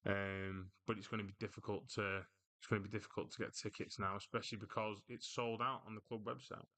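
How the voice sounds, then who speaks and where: A man's voice: on the low side, little pitch movement, fairly quick, pushed and bright. A man hosting a casual football livestream, chatting loosely and answering viewers' comments as he reads them out. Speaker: livestream host.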